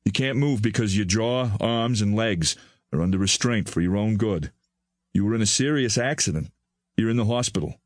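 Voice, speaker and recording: A man doing a kindly, soft-spoken older doctor. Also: lowish voice, moderate pace, no echo, clean studio sound, close to an everyday voice. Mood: calm, reassuring.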